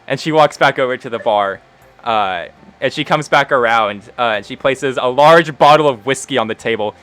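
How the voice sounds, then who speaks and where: A man's voice: medium pitch, moderate pace, a bit bright. Laid-back male game master. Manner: laid-back, chatty with filler. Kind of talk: narrating a tabletop game.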